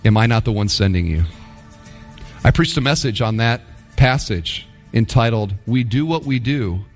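A man preaching a sermon, retelling Bible stories with animated voicing of the characters' complaints. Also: mid-range voice, moderate pace, soft background music. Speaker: pastor. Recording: long hall reverb.

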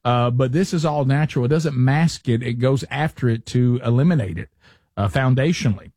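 A man's voice: medium pitch, a little fast, darkish tone, no echo, clean studio sound. A man, hosting a talk radio show and telling stories in a rambling, self-deprecating way. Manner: rambling, self-deprecating storyteller with many restarts. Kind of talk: casual talk radio banter.

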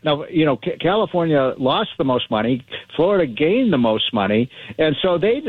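Man, radio guest, slightly high voice, animated rambling, tinny phone line. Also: moderate pace, breathy edge, no echo. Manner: animated, rambling, frequent restarts and laughs. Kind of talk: talk radio interview by phone.

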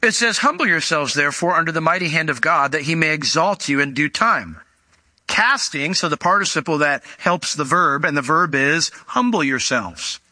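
A man delivers a sermon with a very bright, ringing tone and a slightly raised pitch. He explains the meaning of words, asks rhetorical questions and acts out the voices of the figures he quotes, all recorded dry and close. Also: expressive, moderate pace, no echo. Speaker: preacher.

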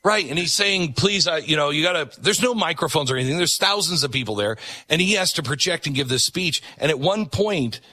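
A man hosting a talk show, his voice bright and forceful. He tells stories in an animated, eager way. The recording is dry and close. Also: a little high, fairly quick, no room sound. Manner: animated, storytelling. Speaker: host. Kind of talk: casual conversation.

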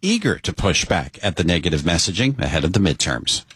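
A man reading scripted radio news as the morning anchor, in a crisp, measured way. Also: low voice, sing-song, a bit bright, no room sound. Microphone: studio microphone.

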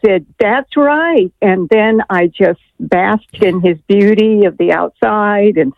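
A woman's voice: medium pitch, fairly even intonation, slow, vocal fry, no echo. A woman calling in to a radio show, telling a long story hesitantly with many fillers over the telephone. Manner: rambling, hesitant, full of fillers. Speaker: radio caller. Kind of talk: call-in storytelling. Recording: tinny phone line, dry.

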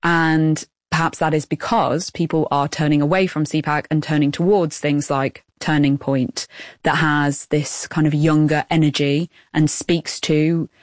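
Woman, news reporter, low voice, dry close sound, measured. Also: level tone, no echo. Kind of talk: radio news report with field interviews.

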